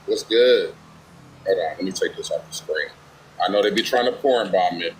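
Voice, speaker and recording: A man's voice: deep voice, normal speed, slight background noise, poor audio. A man streaming live, chatting casually and thanking viewers by name for donations in loose slang. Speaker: streamer reacting to a video.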